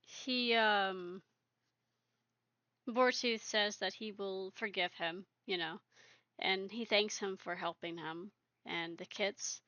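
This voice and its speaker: A woman's voice: medium pitch, steady tone, takes it slowly, bright, forceful tone, no room sound, highs cut off. A woman casually narrating her video game story, rambling with lots of fillers. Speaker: video creator.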